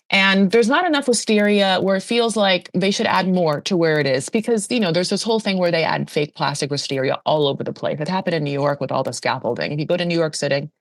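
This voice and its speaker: A chatty woman recaps reality TV with gossipy, animated asides. Her voice sits low and sounds close and dry, with no room around it. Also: dry recording. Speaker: podcast host. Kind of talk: casual pop-culture recap.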